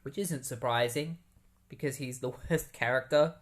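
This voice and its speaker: A man's voice: mid-range voice, normal speed. A man hosting a podcast, casually recapping a comic book story in a rambling way with many fillers. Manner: rambling, heavy use of "like" and "um" fillers. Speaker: podcast host.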